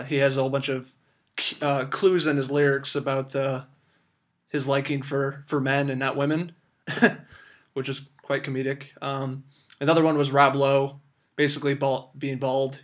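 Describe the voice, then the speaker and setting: Young guy rambling through a movie review, pretty flat monotone delivery, lots of ums. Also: medium pitch. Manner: rambling, many fillers and restarts. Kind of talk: casual film review.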